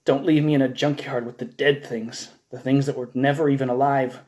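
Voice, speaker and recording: A tortured male android prisoner, voiced by a man reading aloud, pleading and bitter against his captors. The voice is mellow and mid-pitched, in the plain style of a live audiobook reading. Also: level tone, fairly quick, lightly acted.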